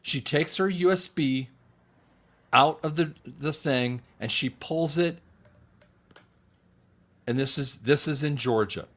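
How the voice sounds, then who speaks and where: A man, an audiologist, giving a rambling monologue commentary to his viewers, often repeating words, restarting sentences and clearing his throat. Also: a little high, expressive, takes it slowly, a bit bright.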